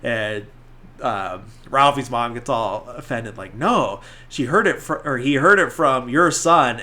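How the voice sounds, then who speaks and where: A man with a bright, forward voice retells a film in a loose, chatty podcast style. He talks at a middle pitch and piles on fillers and restarts as he walks through the scenes. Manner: rambling, filler-heavy retelling with acted-out quotes. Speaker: podcast host. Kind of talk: casual movie recap chat.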